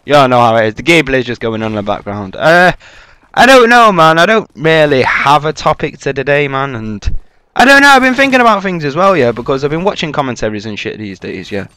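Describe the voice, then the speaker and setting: A man's voice: a little high, sing-song, fairly quick, bright, forceful tone, clear, resonant tone, no room sound. A young man giving casual, rambling freestyle commentary over his own gameplay, swearing and using lots of fillers. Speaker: gaming commentator.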